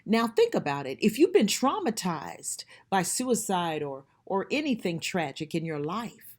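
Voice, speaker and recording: A middle-aged woman gives an earnest faith testimony in a fairly low voice. Her pitch swings widely, rising and falling as she presses her points home. She talks straight to the listener, emphatic and sincere. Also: sing-song, measured pace. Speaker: speaker giving a personal testimony.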